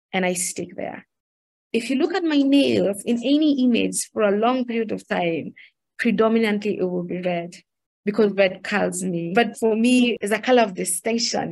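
A woman's voice: medium pitch, creaky. A woman with a Kenyan accent, a podcast guest speaking earnestly and with emphasis, often repeating words. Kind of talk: reflective interview talk.

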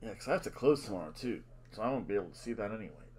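A man's voice: lowish voice, expressive, rapid-fire, a little mellow, a little hiss or hum. A middle-aged man hosting a casual wrestling predictions vlog, playful and showy, with announcer-style catchphrases. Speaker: host.

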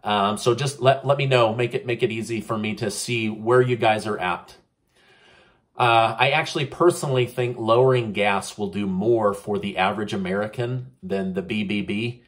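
A man's voice: on the low side, normal speed. Opinionated man giving casual news commentary. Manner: opinionated, frequent "uh" fillers, asks viewers for comments.

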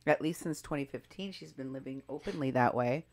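A woman's voice: very deep voice, brisk, a little mellow. A woman commenting on clips and posts, emphatic and skeptical, stressing key words.

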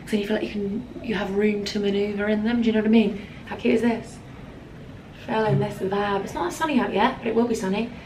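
A young British woman chatting brightly through a fashion vlog, showing off outfits in a holiday room. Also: medium pitch, fairly even intonation, fast talker, distant mic, a little hiss or hum. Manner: bubbly, chatty, keeps saying cute. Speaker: fashion vlogger. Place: holiday room with insects outside. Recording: echoey room, slightly off-mic. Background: faint crickets.

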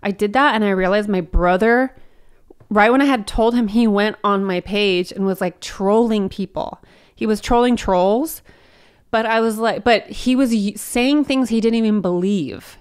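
A woman comedian in casual podcast chat, swearing freely and acting out quotes in high, animated bursts. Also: normal speed, smooth. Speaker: comedian guest.

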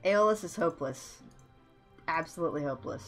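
A woman's voice: sits low, expressive, brisk, a bit bright, soft background music. A woman streamer giving casual, wry commentary while reading a game aloud.

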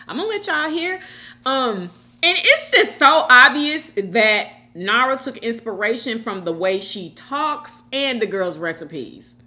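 A mukbang host chats casually while she eats, giving her opinions straight to her viewers. Her voice is fairly high and sharp, animated but measured in pace.

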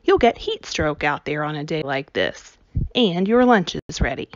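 A woman's voice: low-pitched, sing-song, no echo, dull audio. A woman voicing a firm, no-nonsense mother calling her child in. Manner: firm, brisk.

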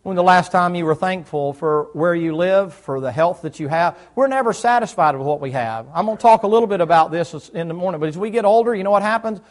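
A man's voice: high voice, fast, few pauses. A middle-aged man, preaching a folksy sermon in church and quizzing his listeners. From United States South. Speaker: pastor.

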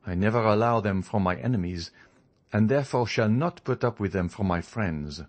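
A man voicing a calm, faintly mocking young male journalist in an audiobook, speaking in a composed, measured way. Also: lowish voice, lightly acted. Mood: cool. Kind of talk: audiobook character reading.

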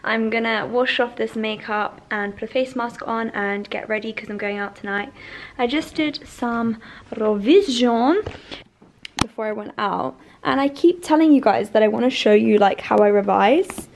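A woman's voice: on the high side, moderate pace, slight background noise. A young woman chatting casually to camera as a vlogger while getting ready at home, rambling along with plenty of "like" and "yeah". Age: young adult. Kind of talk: casual vlog chat.

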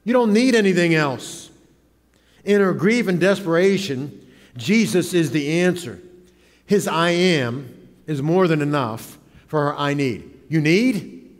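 Male pastor with a slightly high voice, dramatic and animated sermon delivery, recorded in a reverberant church hall. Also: a little slow. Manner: dramatic, acts out quoted voices. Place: church sanctuary.

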